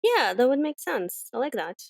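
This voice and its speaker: A woman co-hosting a casual podcast, mostly answering with short, soft-spoken agreeing remarks. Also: high-pitched, big pitch swings, moderate pace, gravelly, dry recording. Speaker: podcast co-host.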